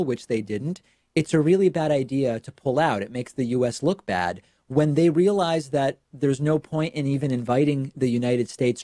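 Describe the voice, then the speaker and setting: A man's voice: mid-range voice, mellow, no room sound, studio quality. A man hosting a political commentary show, speaking in an emphatic, sardonic way. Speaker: host.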